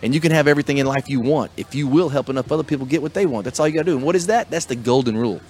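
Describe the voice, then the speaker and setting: A man's voice: mid-range voice, very fast, a little mellow, slightly rough. A middle-aged man hosting a podcast as a small business coach, talking in an enthusiastic, motivational way. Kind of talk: casual chat.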